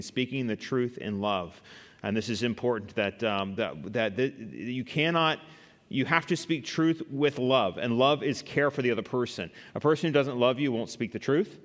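A man's voice: mid-range voice, in a large hall. A man teaching a church Bible study class, conversational, asking the group questions and answering them himself. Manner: conversational, asks the class questions, many fillers.

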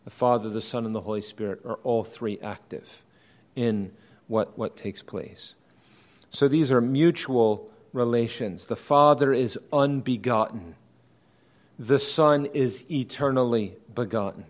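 Delivering an evening sermon at medium pitch, a man lays out doctrine with measured emphasis, often restating what he has just said in other words.

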